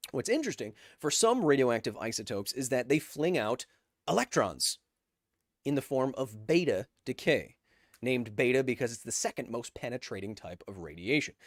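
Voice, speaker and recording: A man's voice: medium pitch, no echo, clean studio sound. A man hosting a live stream, reading chat messages aloud with jokes and tangents while explaining science casually.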